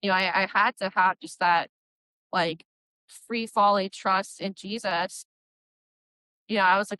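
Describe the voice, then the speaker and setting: A young woman tells her story in a candid, earnest way, wandering through thoughts with lots of likes and you-knows. Her voice sits at a middle pitch. The recording is close and dry. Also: steady tone, measured pace, long pauses, pushed and bright, smooth, dry recording, rough recording. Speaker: guest, Christian metal singer. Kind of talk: candid personal testimony.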